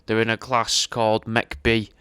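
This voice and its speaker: A man hosts his comedy podcast, chatting in a relaxed, offhand way as he plugs his offers between clips. His voice comes across smooth and clear. It sits close on a dry microphone with no room sound. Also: lowish voice, moderate pace, no echo. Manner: laid-back, plugging his own offers between clips. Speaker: podcast host. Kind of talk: casual podcast chat.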